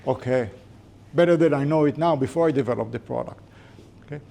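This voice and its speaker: A man's voice: medium pitch, brisk, vocal fry, pauses often, dark tone. A man giving a conversational business lecture to a class, with informal joking asides.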